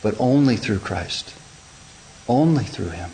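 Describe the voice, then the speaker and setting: Guy preaching a sermon, gets loud and high when fired up, bit of hiss. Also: animated, takes it slowly, rough recording. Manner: preaching, swells loud and high when stirred, hushed in prayer. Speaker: pastor.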